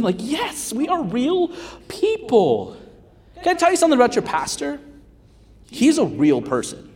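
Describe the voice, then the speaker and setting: A man in his thirties preaching a sermon as a guest pastor, conversational and animated, swinging from loud calls to hushed asides. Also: very high voice, moderate pace. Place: church sanctuary. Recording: long reverb of a large hall.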